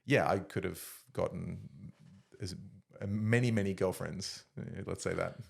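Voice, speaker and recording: Australian guest in his 30s, very low gravelly voice, rambling self-deprecating delivery. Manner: halting, filler-heavy, self-deprecating storytelling. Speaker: podcast guest. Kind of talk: casual conversation.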